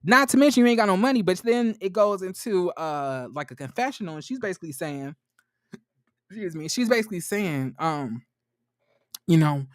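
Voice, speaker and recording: A man giving a casual, sassy commentary recap, blunt and profane, rambling with fillers, his voice jumping high when riled. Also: big pitch swings, moderate pace, no room sound, clean studio sound. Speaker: commentary vlogger.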